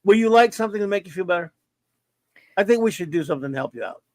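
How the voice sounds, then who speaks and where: A man with a slightly high voice hosts a livestream show in teasing, playful patter. His voice sounds close and dry, with no room around it. He hypes things up like a showman. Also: lively intonation, rapid-fire, darkish tone, no room sound. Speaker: podcast host. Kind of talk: casual livestream chat.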